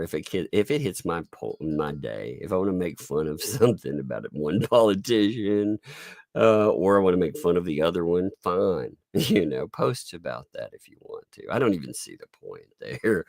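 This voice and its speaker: A middle-aged man hosting a live-stream commentary, sarcastic and quick to laugh and swear, his voice congested from sinus trouble. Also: sits low, gravelly, dry recording, studio quality. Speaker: online commentary host.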